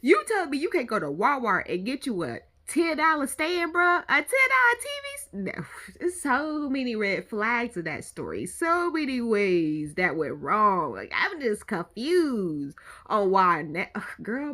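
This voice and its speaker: A woman hosting a reaction video, talking in an expressive, slangy way with lots of exclamations. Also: mid-range voice, a little slow. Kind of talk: casual reaction commentary.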